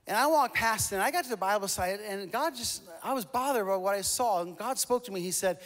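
A man with a high-pitched voice preaching from the pulpit, spinning a comic personal story full of self-mocking jokes. His voice rings out with a long echo that hangs in a large church hall. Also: a little fast, few pauses. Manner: humorous, lively storytelling with self-mocking asides. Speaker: pastor. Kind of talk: storytelling sermon.

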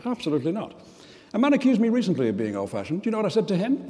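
Older aussie guy, deadpan keynote humour, echoey conference hall sound. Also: sits high, very fast, slight background noise. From Australia. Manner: self-deprecating, deadpan joke delivery. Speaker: keynote speaker. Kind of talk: humorous speech to an audience.

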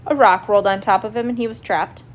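A woman voicing a clever little male mouse in a storybook reading, calm and crafty as he bargains. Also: mid-range voice, fast, close to an everyday voice. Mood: pleading.

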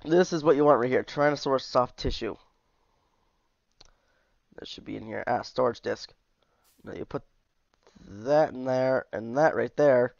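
A man's voice: medium pitch, moderate pace, gravelly, pauses often, dry recording, highs cut off. A man casually commenting as he shows off a game mod, easygoing and chatty, sounding tired. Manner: chatty, easygoing, with asides and trailing off. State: tired, yawning. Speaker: mod reviewer.

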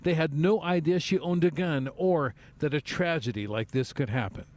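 A man delivering a measured, formal news field report outdoors on a residential street. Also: fairly high pitch, very noisy.

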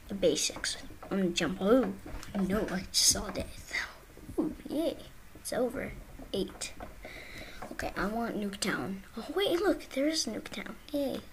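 A woman's voice: medium pitch, lively intonation, slow, pauses often, slight background noise. A woman giving casual gameplay commentary as a video creator, playful and talking to herself, often dropping into a whisper.

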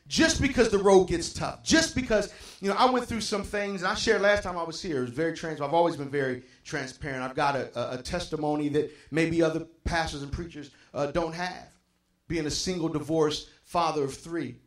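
A man's voice: a little high, fairly quick. A male pastor preaching a sermon, swinging from impassioned emphasis to near-whispers and repeating phrases for effect. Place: church sanctuary. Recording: echoey church sanctuary.

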